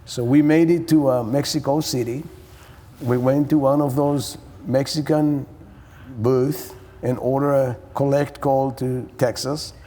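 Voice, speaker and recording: Slow-talking man, husky voice. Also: medium pitch, steady tone, mellow, in a large hall. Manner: halting, searching for words, with nonstandard grammar. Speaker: interviewee sharing testimony. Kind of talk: personal storytelling.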